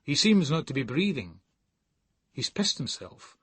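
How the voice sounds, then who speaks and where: A man's voice: fairly high pitch, big pitch swings, a little slow, a bit bright, slightly rough, no room sound. A man with a Scottish accent reading a gritty first-person novel in a sardonic storytelling manner. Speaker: audiobook narrator.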